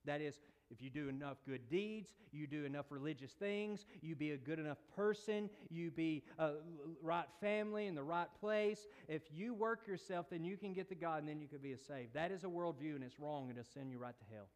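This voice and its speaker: A man preaching a sermon, retelling a scripture story with playful asides and big swings between quiet and emphatic delivery. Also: fairly quick, hardly any pauses. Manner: storytelling, rises and drops in pitch and volume, playful asides.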